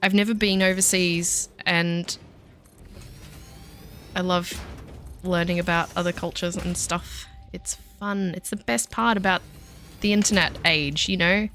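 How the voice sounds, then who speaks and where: A woman's voice: on the low side, fairly even intonation, measured pace, fairly bright tone, soft background music. Chatty woman streaming a game. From Australia. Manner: chatty, self-deprecating, talks to chat while building. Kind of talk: casual chat while gaming.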